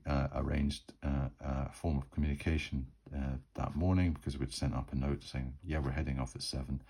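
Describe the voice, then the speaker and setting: A man talking through his solo tabletop role-playing game at a rambling pace. His voice is extremely deep, with a husky grain to it. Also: darkish tone, poor audio. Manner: rambling, many fillers and restarts.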